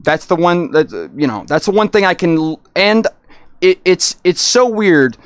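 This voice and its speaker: A man chatting casually on a livestream, rambling and excitable, often restarting his sentences. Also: high-pitched, normal speed, dry recording.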